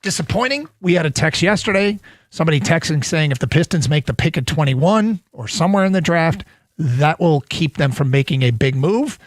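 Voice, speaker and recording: A man's voice: fairly high pitch, animated, brisk, dry recording, clean studio sound. Chatty sports radio host, a man. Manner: chatty, self-mocking, takes calls. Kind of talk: casual sports talk radio.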